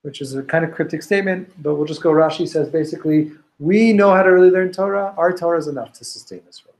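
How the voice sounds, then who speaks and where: Male Torah teacher, slightly raised pitch, lively storytelling class voice. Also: fast, low-quality recording. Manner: storytelling, animated, many restarts, Hebrew and Aramaic quotes. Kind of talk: informal Talmud class.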